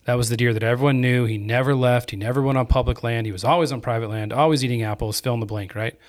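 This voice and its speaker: A man hosting a podcast and telling a story in an energetic, chatty way. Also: medium pitch, quick pace. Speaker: podcast host. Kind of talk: casual storytelling chat.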